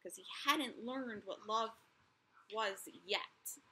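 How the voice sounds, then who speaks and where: A woman teacher reading a chapter book aloud to her students, gently pausing to ask questions and reflect. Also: a little high, husky, low-quality recording.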